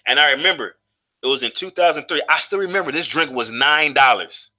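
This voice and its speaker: A man's voice: on the high side, brisk, bright, forceful tone. A man in his thirties telling a personal story in a loose, profane, casual monologue, full of fillers and restarts. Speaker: vlogger.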